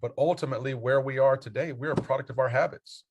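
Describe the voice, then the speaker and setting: A man's voice: mid-range voice, steady tone, quick pace. A man, a basketball coach and mentor, talking as a podcast guest, earnest and motivational as he spells out his acronyms.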